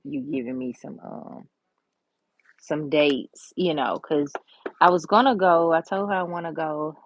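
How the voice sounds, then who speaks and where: A woman talks in a low, gravelly voice, chatty and sassy with plenty of slang. She tells stories casually while working on nails, recorded close and dry. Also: no room sound. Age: 30s. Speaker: nail art vlogger.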